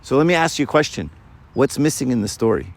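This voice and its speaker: A man giving a sermon to a live audience, lively and full of rhetorical questions. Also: mid-range voice, quick pace. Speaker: preacher.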